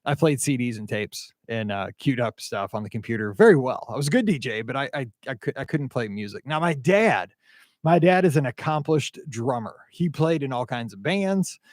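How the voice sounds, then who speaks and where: A man's voice: mid-range voice, expressive, moderate pace, no echo, studio quality. A middle-aged man from the Midwest hosting a podcast, chatting casually in a rambling, enthusiastic way with frequent restarts. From American Midwest. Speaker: podcast host. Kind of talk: casual chat, reading listener feedback.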